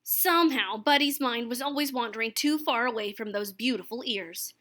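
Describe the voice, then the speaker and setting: A young woman reading a children's picture book aloud, expressive and gentle. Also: on the high side, normal speed, few pauses. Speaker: storyteller.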